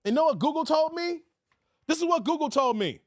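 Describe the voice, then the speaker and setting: A man talks a little fast on a casual home live stream, recorded at studio quality without any echo. He's an animated storyteller who performs the quoted lines, pushing his voice up high and loud.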